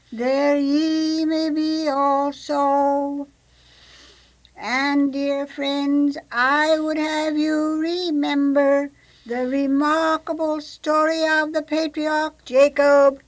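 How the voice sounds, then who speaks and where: A woman's voice: high-pitched, low-quality recording. A woman playing a Quaker woman preacher, intoning her message in a trembling, sing-song chant.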